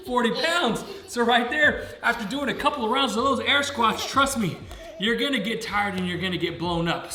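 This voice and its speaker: A man with a high, sharp-toned voice coaches fitness in a casual home vlog, speaking directly to viewers and keeping things upbeat. He keeps calling everyone "guys," recorded on a camera set up nearby.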